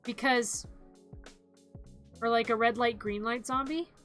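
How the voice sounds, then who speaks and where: Bright, playful streamer voice. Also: medium pitch, fairly even intonation, a little slow, faint music behind. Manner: playful, giggly, acts out zombie growls. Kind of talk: casual live-stream chat.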